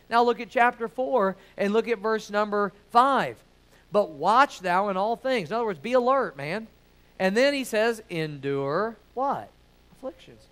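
A man preaches a sermon in a high, smooth and resonant voice. He is emphatic but conversational and keeps asking his listeners rhetorical questions.

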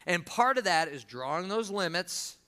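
A man's voice: high-pitched, sing-song, normal speed, pushed and bright, smooth. A man in his fifties preaching a sermon as a pastor, folksy and emphatic, repeating his key lines. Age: 50s.

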